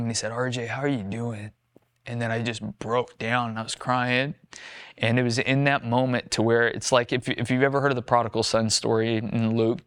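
A man's voice: mid-range voice, fairly bright tone, clear, resonant tone, dry recording. A young man earnestly telling his personal faith testimony, acting out his own past words and others' in a conversational storytelling way. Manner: earnest, storytelling, frequent "like" and quoted self-talk. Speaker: former firefighter sharing testimony.

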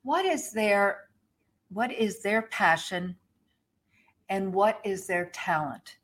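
A woman's voice: mid-range voice, animated, slow. Lady interviewer, keen and upbeat, sets up the guest's question. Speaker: host. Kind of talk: interview podcast.

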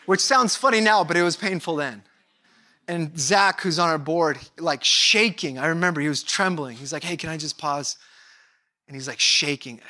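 A man preaching a sermon as pastor of a church, lively and conversational, acting out short bits of dialogue and dropping from loud emphasis to hushed asides. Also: on the high side, a little fast. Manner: animated, acts out dialogue, swings between loud and hushed.

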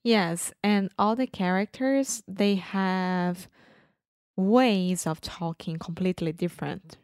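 Slow, smooth woman. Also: lowish voice, a little mellow, dry recording, studio quality. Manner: repeats words, simple phrasing. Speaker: podcast co-host. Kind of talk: casual chat.

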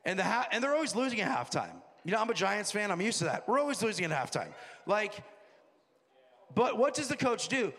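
Gravelly-voiced, high-pitched preacher in a hall. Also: male voice. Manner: energetic, joking, shifts between quiet asides and shouted exhortation. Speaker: pastor. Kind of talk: sermon. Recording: preached in a large reverberant hall.

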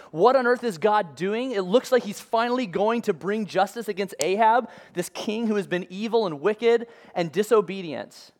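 Casting: man with a high voice, preaching in a laid-back, conversational way. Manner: casual and conversational with modern comparisons. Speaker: pastor. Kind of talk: sermon.

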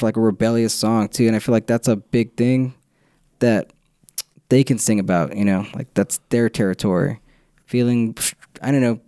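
Rambling young man with a mellow voice. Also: medium pitch, no echo, studio quality. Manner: rambling, laughs often, loses his train of thought. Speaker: podcast co-host. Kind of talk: casual chat.

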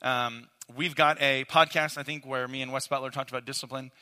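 A man's voice: medium pitch, fairly even intonation, a little fast, pushed and bright, smooth. A man, likely in his thirties, giving an earnest, casual teaching talk on parenting as a father, speaking straight to his listeners. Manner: earnest, casual, addresses audience directly. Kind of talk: conversational sermon-style teaching. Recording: long hall reverb.

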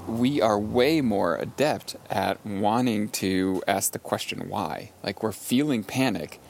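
A man hosting a podcast, talking through ideas with a client example and an everyday analogy in a slow, thoughtful monologue. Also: fairly low pitch, gravelly, slight background noise. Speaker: podcast host and coach.

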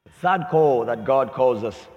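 A man preaching a sermon as pastor, lively and emphatic, often voicing pointed questions. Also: medium pitch, unhurried, lo-fi sound. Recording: long hall reverb.

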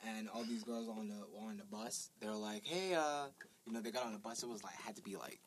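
A young man co-hosting a podcast, telling crude stories in a deadpan way. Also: lowish voice, fast talker, slight background noise. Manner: deadpan, crude, acts out quotes loudly. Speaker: podcast co-host. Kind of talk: casual storytelling among friends.

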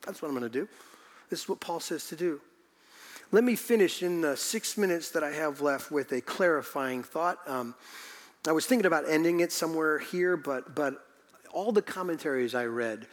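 A male pastor preaching a sermon in a church, emphatic and repeating phrases for stress. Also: on the high side. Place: church sanctuary. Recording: long reverb in a hall.

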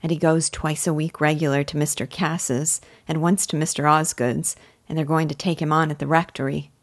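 A woman voicing a gentle, loving young village woman in a classic novel read aloud, speaking softly and earnestly. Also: low-pitched, level tone, normal speed, no echo. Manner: soft, earnest and affectionate.

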